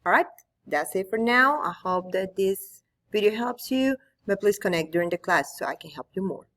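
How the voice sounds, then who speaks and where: A woman's voice: mid-range voice, lively intonation, normal speed, fairly bright tone. A woman teacher walking students through an online tool, patiently explaining step by step at her computer. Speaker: Spanish teacher. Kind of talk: screen-recorded tutorial.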